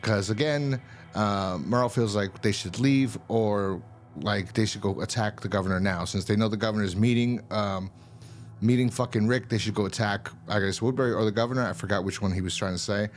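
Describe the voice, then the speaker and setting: A show host with a lowish voice talks briskly over faint background music. He casually recaps a TV episode in a loose, rambling way, peppered with fillers and swearing.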